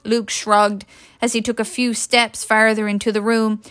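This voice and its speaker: A woman reading a story aloud in a steady, expressive storybook narration. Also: on the high side, unhurried, clear, resonant tone, no echo, clean studio sound. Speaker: audiobook reader.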